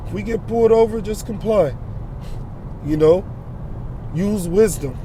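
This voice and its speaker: High-pitched preacher man in transit. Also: unhurried, warm tone, a little hiss or hum. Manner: quotes scripture, asks "all right?" and "you know?" often. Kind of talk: informal sermon on the move.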